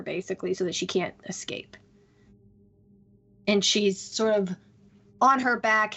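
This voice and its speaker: A woman narrating a tabletop game as game master, pausing often and using many fillers. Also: medium pitch, creaky, highs cut off. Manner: hesitant, full of fillers.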